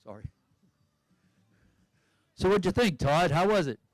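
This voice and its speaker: Male play-by-play commentator, slightly high, chatty and speculative, dry close sound. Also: big pitch swings, measured pace, no echo. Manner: chatty, thinking aloud about the skiers. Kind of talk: live sports commentary.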